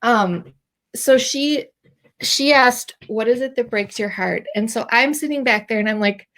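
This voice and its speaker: A woman's voice: mid-range voice, normal speed, fairly bright tone. A middle-aged woman telling a personal faith story as a podcast host, emotional and teary at times, with many fillers. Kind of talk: personal testimony.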